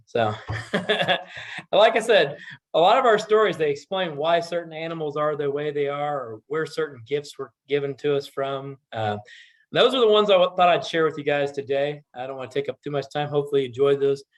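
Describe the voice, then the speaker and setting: A man telling a traditional story casually at a community meeting, relaxed and animated. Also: a little high, fairly quick.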